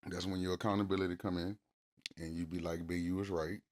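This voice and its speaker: A man co-hosting a couples podcast, talking casually and cursing freely, getting loud and animated when he acts out arguments. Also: low voice, fast talker. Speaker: podcast co-host.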